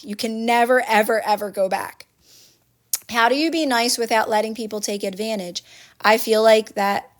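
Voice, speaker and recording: A woman hosting a phone livestream, giving casual motivational advice to viewers in an earnest, repetitive coaching manner. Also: a little high. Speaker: livestream host.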